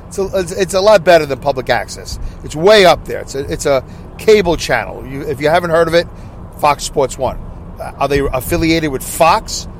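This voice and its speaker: A man hosting a casual solo podcast, rambling excitably and loudly with many asides, with faint noise behind him. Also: a little high. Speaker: podcast host. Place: in his car.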